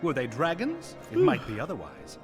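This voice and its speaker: A man's voice: a little high, huge pitch swings, normal speed, faint music behind. Stately courtly nobleman. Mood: gracious. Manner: formal, archaic courtly speech. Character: stately older male nobleman, courtly and gracious. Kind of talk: video game cutscene voice acting.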